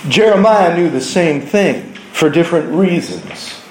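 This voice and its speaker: A man with a fairly high voice preaches a sermon, moving between quiet, earnest storytelling and louder, emphatic passages. The room echoes around him. His tone stays conversational and personal. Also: animated, unhurried, a little hiss or hum. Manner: earnest storytelling preaching, shifting between soft and raised delivery.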